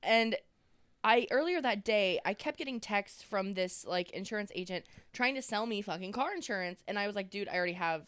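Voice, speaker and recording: A woman's voice: mid-range voice, moderate pace, a bit bright, clear, resonant tone, no room sound, studio quality. A woman co-hosting a casual podcast, explaining herself in an easygoing, slightly defensive way. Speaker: podcast co-host. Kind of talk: casual chat.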